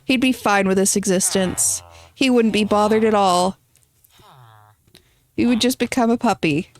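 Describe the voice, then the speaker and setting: A woman's voice: mid-range voice, measured pace. A woman streaming a video game, chatting casually and playfully with her viewers and teasing them as she reads their messages. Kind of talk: casual gameplay live-stream chat.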